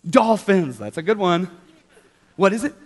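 A young man leading a children's church talk, upbeat and animated, coaxing the kids to join in. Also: high voice, measured pace. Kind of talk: children's sermon. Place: large church hall with children. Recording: hall reverb.

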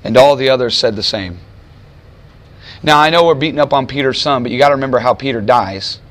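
This sermon comes from a man whose medium-pitched voice has a fairly bright tone. As he teaches a Bible passage, he leans on emphatic rhetorical questions and deliberately slows his delivery for effect.

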